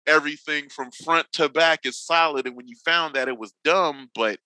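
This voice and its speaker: This podcast guest is a drifting veteran in his forties from Northern California, swearing freely as he spins slangy stories and voices other people's quotes in casual conversation. He speaks at a moderate pace with a fairly high, bright, forceful voice. The tone is clean with no room sound, though the recording is rough.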